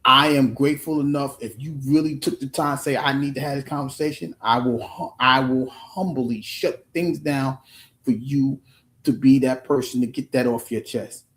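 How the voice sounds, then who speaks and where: A man's voice: mid-range voice, steady tone, moderate pace, fairly bright tone, echoey room. A man talking earnestly on his own livestream, restarting his sentences often and swearing casually. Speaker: live streamer. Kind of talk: casual motivational livestream talk.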